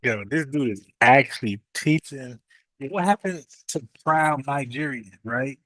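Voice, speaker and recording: A man talking through a casual reaction commentary, sounding incredulous as he piles up rhetorical questions. His voice sits at a middling pitch. The sound is dry and close, with no room around it. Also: unhurried, a bit bright, dry recording, rough recording.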